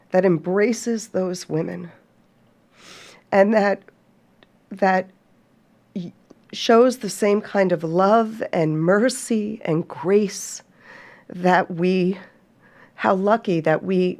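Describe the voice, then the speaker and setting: Slow, earnest woman hosting a podcast. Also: mid-range voice, a little mellow. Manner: slow, earnest, addresses listeners as folks. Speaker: podcast host. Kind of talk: heartfelt podcast talk with scripture reading.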